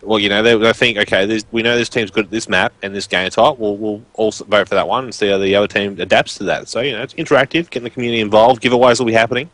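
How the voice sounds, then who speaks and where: A man's voice: fairly low pitch, fairly even intonation, racing, hardly any pauses, a bit bright, no room sound. A man with a broad rural Queensland Australian accent, chatting casually and rambling on a live stream as a guest commentator. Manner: rambling, informal, filler-heavy.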